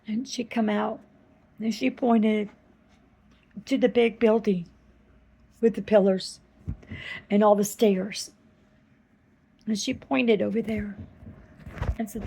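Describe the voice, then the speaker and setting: Slow, gravelly-voiced woman telling a story. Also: medium pitch, steady tone, dark tone, rough recording. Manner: slow, halting, earnest retelling. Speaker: vlogger telling a dream. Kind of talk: personal storytelling.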